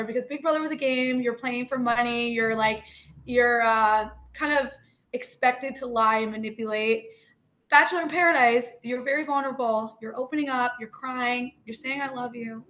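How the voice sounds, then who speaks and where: Young newfoundland woman spilling stories in an interview, kinda high voice, muffled lo-fi sound. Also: moderate pace. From Newfoundland, Canada. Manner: animated, candid, lots of "like" and "you know". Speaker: podcast guest. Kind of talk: candid interview chat. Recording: dull lo-fi audio.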